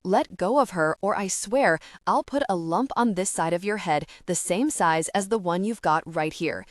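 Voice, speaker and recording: A brash young witch talks tough and sassy, quick to threaten, as a woman narrator puts her on. The read is close and dry, with no room around it. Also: fairly low pitch, no room sound, close to an everyday voice. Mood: feisty. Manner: blunt, sassy. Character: feisty young female witch, brash and protective. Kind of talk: audiobook character reading.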